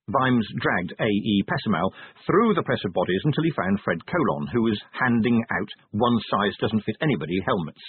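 Man reading a book, wry and dry, lively ups and downs, husky voice, sounds like a phone. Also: fairly low pitch, fairly quick, few pauses. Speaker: audiobook narrator. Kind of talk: scripted narration. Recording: tinny, dry, narrow-band.

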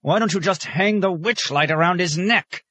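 Man doing a shrill, furious old monk librarian. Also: moderate pace, sharp tone, no room sound. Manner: indignant, snapping, shrill outbursts. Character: aged querulous male monk librarian.

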